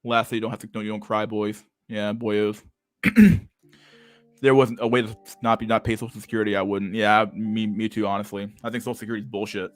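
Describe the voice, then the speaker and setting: A man's voice: on the low side, steady tone, brisk, no echo, faint music behind. A young man hosting a livestream and reading chat, talking in a crude, slangy, casual way and laughing often.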